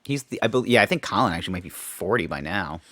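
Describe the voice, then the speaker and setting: A man's voice: low-pitched, animated, quick pace, sharp tone, no echo. A man co-hosting a podcast, talking casually and animatedly, often jumping in and swearing now and then. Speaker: podcast co-host. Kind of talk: casual chat.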